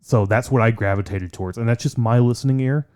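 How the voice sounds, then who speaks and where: A man's voice: mid-range voice, fast, darkish tone, smooth. A man co-hosting a podcast in casual chat, enthusiastic and swearing freely. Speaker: podcast co-host.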